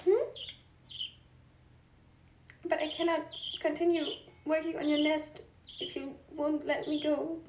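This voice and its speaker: A woman's voice: high-pitched, level tone, slow pace, long pauses. A woman on a casual pet vlog, talking in cooing baby talk to her bird. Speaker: vlogger. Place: home with pet birds. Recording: echoey room, mic at a distance, loud noise. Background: budgie chirps.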